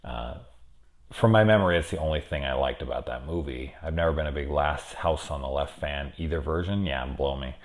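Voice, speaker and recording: A very deep-voiced man talks his way through a horror movie review in a loose, rambling way. He swears casually, stacks up fillers, and gets openly enthusiastic. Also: brisk.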